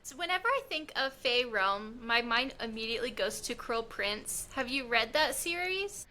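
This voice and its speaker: A woman's voice: a little high, expressive, bright, forceful tone, a little hiss or hum. A woman co-hosting a podcast, chatting enthusiastically with her guest. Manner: enthusiastic, quick agreeing. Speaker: podcast co-host. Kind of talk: casual chat.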